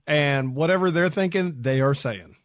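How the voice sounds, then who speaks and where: Guy hosting, laid back and chatty, a bit high voice, dry sound. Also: moderate pace, no room sound. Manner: chatty, easygoing, many fillers. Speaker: host. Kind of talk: radio interview.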